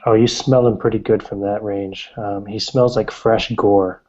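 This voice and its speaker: A man narrating as game master of a tabletop game, describing scenes with halting fillers. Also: fairly low pitch, steady tone, darkish tone. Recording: dull lo-fi recording.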